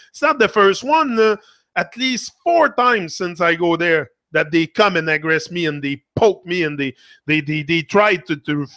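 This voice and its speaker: A man's voice: fairly high pitch, sharp tone, no room sound, studio quality. A man with a Quebec French accent in a casual, rambling live monologue as a motivational streamer. He swears freely and talks back to a viewer.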